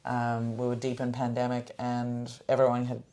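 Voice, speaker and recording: A woman's voice: rumbling low, monotone, moderate pace, mellow. Chatty young woman podcast host. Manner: chatty, rambling with many fillers and restarts; smooth phone-style podcast voice. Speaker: podcast host and comedy showcase producer. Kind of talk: casual chat.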